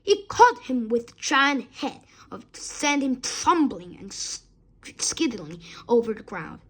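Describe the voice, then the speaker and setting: A woman's voice: a little high, sing-song, slow pace, a bit bright. A woman reading a children's story aloud expressively, with small slips.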